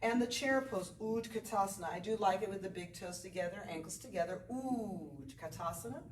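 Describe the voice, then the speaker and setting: A woman teaching a beginner yoga class calls out breath cues at a normal pace, sounding chatty and supportive in a medium pitch. She was recorded from a distance, giving a roomy sound with faint ambience and slight background noise.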